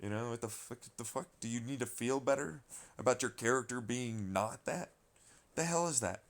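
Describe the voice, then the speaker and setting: A man in the middle of a loose vlog rant, his voice sitting at an ordinary middle pitch. He rambles and doubles back, swears constantly, and sounds worn out with the whole subject. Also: normal speed. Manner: rambling, profane, exasperated. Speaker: vlogger. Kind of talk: casual rant commentary.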